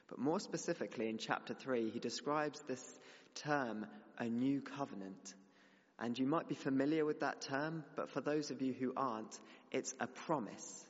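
A man's voice: medium pitch, moderate pace. A young man delivers a sermon in an earnest, steadily building voice. His words ring out with a long reverb through a church hall, and the recording itself is slightly dull and muffled. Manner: earnest, building to emphatic exhortation. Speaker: preacher.

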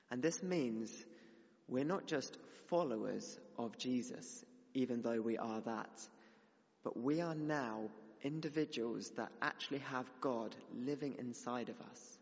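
A young man preaching a sermon to his church, earnest and building to emphatic exhortation. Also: medium pitch. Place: church hall. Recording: dull sound with long hall reverb.

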